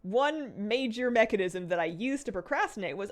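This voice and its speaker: Lively, chatty woman streamer. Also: mid-range voice, normal speed, hardly any pauses. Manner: rambling and chatty, laughing often. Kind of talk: casual chat while gaming.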